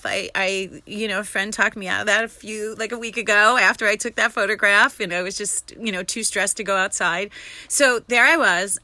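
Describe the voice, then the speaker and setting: A woman casually telling her live-stream viewers a rambling story, excitable and swearing freely. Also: medium pitch, no echo.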